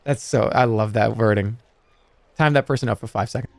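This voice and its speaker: A man in his thirties chatting casually with his live chat, animated and jokey, swinging between loud outbursts and low mutters. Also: fairly quick, gravelly. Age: 30s. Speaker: livestreamer.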